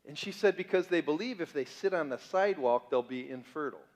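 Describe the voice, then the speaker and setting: A man's voice: on the high side, lively intonation, fast talker. A man preaching as a pastor, conversational and joking, full of rhetorical questions to the congregation. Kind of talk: sermon. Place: church sanctuary. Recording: reverberant church hall.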